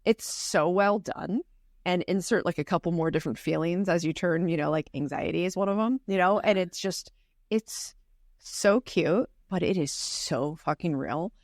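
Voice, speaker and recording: A woman's voice: lowish voice, normal speed, darkish tone, no echo, studio quality. A woman co-hosting a podcast, talking bluntly and casually, with some swearing. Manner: blunt and swearing, laughs easily. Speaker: podcast co-host.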